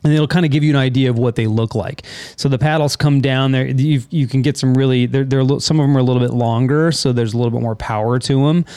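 A man's voice: medium pitch, fairly even intonation, quick pace, dark tone, clear, resonant tone, dry recording. A man hosting a podcast in casual chat, rambling and correcting himself with enthusiasm. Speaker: podcast host.

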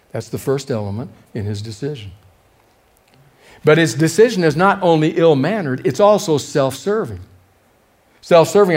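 A man preaching a sermon as a pastor, repeating key words for emphasis and acting out the voices of the people he quotes. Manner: acts out quoted voices with shifts in pitch and loudness.

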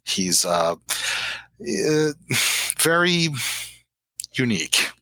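Man playing a friendly vampire hostess. Chatty and halting, bright, dry sound. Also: medium pitch, big pitch swings, no echo, voice pushed up, heavily acted, poor audio. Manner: chatty, hesitant.

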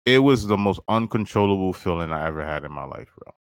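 A man's voice: low voice, lively intonation, quick pace, dry recording. A man hosting a podcast, telling a personal story in casual, slangy talk, laughing often and calling the listener "bro". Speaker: podcast host.

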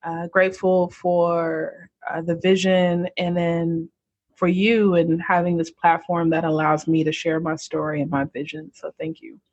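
A young woman from the United States speaks as a guest in an interview, earnest and reflective. Her voice has a husky, breathy edge and sits close and dry, with slightly dull lo-fi sound. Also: fairly low pitch, little pitch movement, unhurried, a little mellow, no echo. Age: young adult. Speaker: podcast guest, entrepreneur. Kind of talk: casual interview chat.

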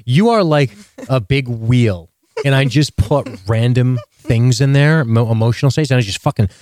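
A man co-hosting a podcast in casual, animated chat, swearing freely and teasing his co-host. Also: medium pitch. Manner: animated, profane, jokey, quick to tease.

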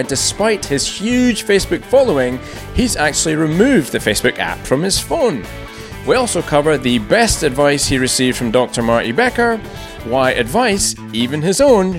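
Lively, wry male podcast host. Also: a little high. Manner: lively, wry, self-mocking. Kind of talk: scripted intro then casual interview chat. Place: large empty echoing conference room.

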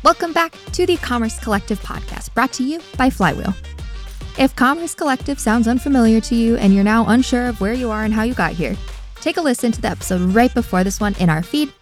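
Woman podcast host with a chatty, self-mocking delivery and a fairly high voice, over faint music. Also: expressive, a little fast. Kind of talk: scripted podcast intro and interview.

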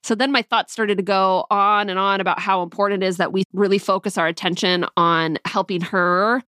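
A woman in her thirties tells a personal story about her family in a candid, reflective voice. Her pitch sits in the middle, and the sound is close and dry, with no room around it. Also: steady tone, brisk, smooth, no echo. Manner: candid, reflective, with soft laughs. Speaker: mother.

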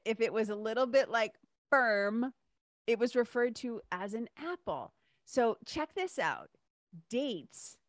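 In clean studio sound with no room noise, a woman with a fairly high voice delivers a casual solo episode of her podcast. She's chatty and enthusiastic, laughing frequently.

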